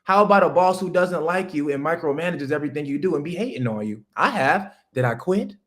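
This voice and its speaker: A man, hosting a livestream and delivering a loud, preachy motivational rant that jumps high when he hammers a point. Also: animated, a little fast. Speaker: livestream host.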